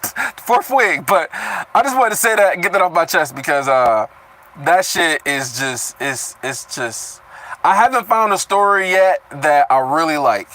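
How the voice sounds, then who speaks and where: A man's voice: on the high side, sharp tone, low-quality recording. A young man reading a web novel aloud live, stopping often to riff and swear, stumbling over words as he goes. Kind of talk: casual live reading with commentary.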